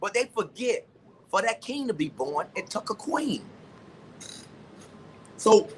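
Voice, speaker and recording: A man's voice: high voice, big pitch swings, takes it slowly, a little hiss or hum. A man speaking as a guest in a panel discussion, impassioned, with a preaching cadence.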